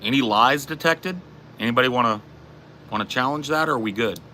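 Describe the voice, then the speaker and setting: A man's voice: mid-range voice, brisk, pushed and bright, slight background noise. Sarcastic, ranting streamer guy. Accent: general Californian. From southern United States. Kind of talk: casual live-stream chat.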